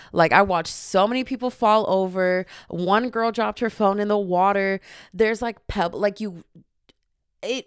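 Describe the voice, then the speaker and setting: A young woman hosting her own show, telling a funny travel story in a casual, animated way with quick asides and laughter. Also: mid-range voice, clear, resonant tone, no room sound, clean studio sound. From family from Dominica. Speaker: podcast host.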